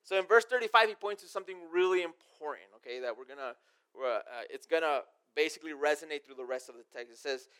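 A man giving a relaxed, conversational sermon, reading verses aloud and then unpacking them in plain talk. His voice is smooth and clear, sitting a little higher than most men's. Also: fast. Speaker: pastor. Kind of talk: casual sermon with scripture reading.

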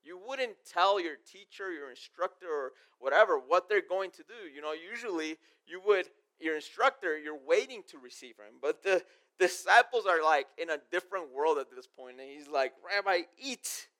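A man giving a relaxed, conversational sermon, reading verses aloud and then unpacking them in plain talk. His voice is smooth and clear, sitting a little higher than most men's. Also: normal speed. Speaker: pastor. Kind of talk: casual sermon with scripture reading.

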